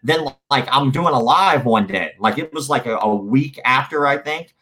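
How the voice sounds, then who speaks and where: A man's voice: medium pitch, expressive, pushed and bright. Fired-up, foul-mouthed man ranting. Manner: profane, heated, quick to rant. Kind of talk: casual podcast chat.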